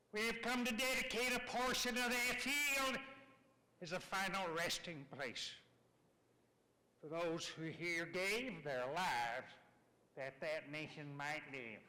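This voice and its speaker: A man playing a high-voiced frontier statesman. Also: slow pace, sharp tone, full character voice. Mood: solemn. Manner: solemn, with sweeping rises and falls. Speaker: orator reciting a historic address. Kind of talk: ceremonial dramatic recitation. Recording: echoey hall with long reverb.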